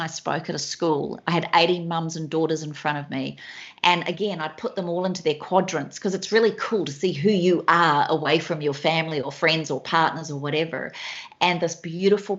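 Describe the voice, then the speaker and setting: A woman is a guest on a podcast, talking in an enthusiastic, anecdotal way full of examples. Her voice sits fairly low. The recording has a dull, lo-fi quality. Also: fairly quick. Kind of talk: storytelling in a podcast interview.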